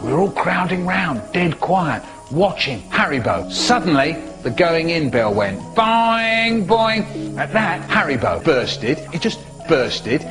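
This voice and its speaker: Guy telling silly stories, voice bouncing all over, kinda high, faint music under it. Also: measured pace, hardly any pauses. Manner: animated, expressive storytelling. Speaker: storyteller. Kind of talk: spliced comic storytelling clips.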